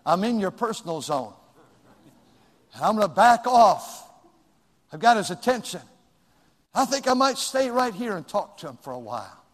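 Older pastor guy, folksy sermon, high voice, big echoey church hall. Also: sing-song, moderate pace, long pauses. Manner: folksy, swings from loud outbursts to low asides.

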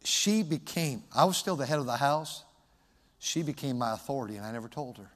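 A middle-aged man preaching from the pulpit, his voice at an ordinary male pitch. He speaks personally and conversationally, with pauses and restarts, and the sound trails off in a long church reverb. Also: animated. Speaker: pastor. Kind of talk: sermon.

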